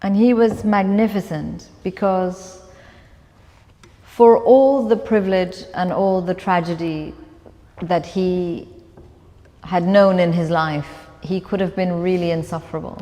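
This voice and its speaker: A woman's voice: on the low side, steady tone, unhurried, warm tone. A woman author telling a personal story at a live onstage conversation, reflective and laughing often. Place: event room with long reverb. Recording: live talk with hall reverb.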